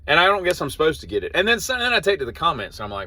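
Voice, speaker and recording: A man's voice: on the high side, wildly swooping pitch, rapid-fire, pushed and bright. A man, hosting a casual daily monologue, wandering off track and correcting himself as he tells a story. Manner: meandering, self-correcting, wry storyteller. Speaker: host of a daily show.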